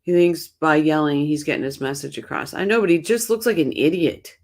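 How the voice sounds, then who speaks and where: Her voice is deep and a little mellow, and she talks briskly. Hosting a true crime stream on little sleep, she casually reacts to her chat with a chatty, opinionated ramble full of restarts.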